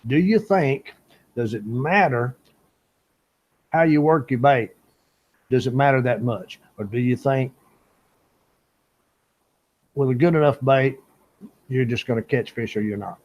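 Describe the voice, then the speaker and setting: A man's voice: mid-range voice, a little slow, long pauses, a little mellow, rough recording. An older man from Louisiana, chatting casually with viewers on a fishing live stream and laughing often. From Louisiana, USA. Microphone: small camera-top microphone.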